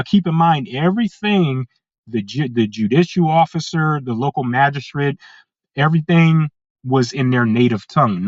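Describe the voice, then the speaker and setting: A man from California, talking in an everyday mid-range voice as a podcast guest. He tells his story casually, with plenty of "uh"s and false starts. The sound is a bit muffled and dry, with no room echo. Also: mid-range voice. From California, USA. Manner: frequent "uh" fillers and restarts, acts out quoted people.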